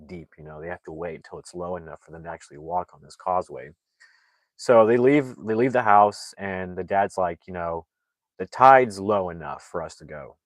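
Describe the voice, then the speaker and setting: A man retelling a film plot in casual, rambling talk full of fillers, now and then shouting out the characters' lines. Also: deep voice, dry recording. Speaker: movie reviewer.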